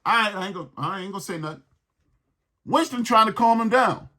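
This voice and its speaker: A man's voice: high voice, a little fast, sharp tone. A man hosting a sports podcast, ranting in a heated, exasperated way and repeating his points.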